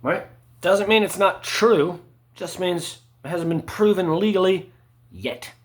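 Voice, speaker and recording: Rambling man muttering "right?" constantly. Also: measured pace. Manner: rambling, full of "right?" and "you know" fillers; swings between low mutters and sharp emphatic spikes. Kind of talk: rambling monologue.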